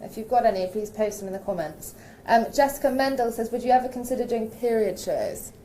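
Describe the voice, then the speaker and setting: A woman's voice: fairly high pitch, animated, fairly quick, dark tone, a little hiss or hum. Playful woman interviewer reading fan questions. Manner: playful, teasing, laughs often. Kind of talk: casual interview chat.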